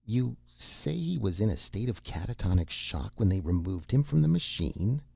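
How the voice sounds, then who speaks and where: A man's voice: fairly low pitch, very animated, moderate pace, gravelly, breathy edge, no echo, voice pushed up, full character voice. A man voicing a thoughtful older male scientist in an audiobook, mild and academic. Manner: mild, academic, politely insistent. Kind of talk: scripted audiobook narration. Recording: dull lo-fi recording.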